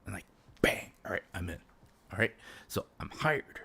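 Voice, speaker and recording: A man's voice: low-pitched, expressive, normal speed, creaky, bright, forceful tone, slightly rough. A man streaming live commentary, stammering and repeating words as he talks. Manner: drops to a whisper for acted bits.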